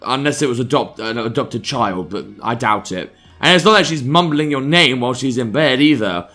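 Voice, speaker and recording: A man's voice: medium pitch, lively intonation, moderate pace, few pauses, pushed and bright, soft background music. Sarcastic man reading a visual novel. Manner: sarcastic, crude jokes. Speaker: let's play host. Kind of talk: reading a visual novel aloud with jokey asides.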